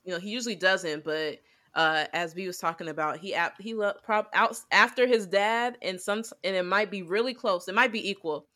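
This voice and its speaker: A woman's voice: mid-range voice, normal speed, pushed and bright. A woman co-hosting a podcast, chatting casually and rambling with lots of fillers as she animatedly retells scenes. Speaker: podcast co-host. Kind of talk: casual anime review chat.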